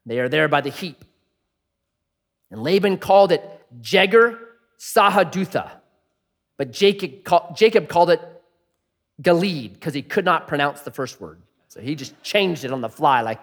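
A man preaching a sermon, switching between loud, emphatic passages and hushed ones. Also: fairly high pitch, lively intonation, moderate pace, long pauses. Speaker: pastor. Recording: long hall reverb.

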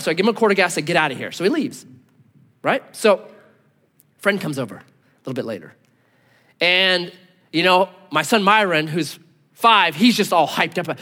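A man in his thirties preaching a sermon, telling a story with lively voices, then dropping to quiet, earnest tones. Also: high-pitched, a little fast, long pauses. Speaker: pastor. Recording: long hall reverb.

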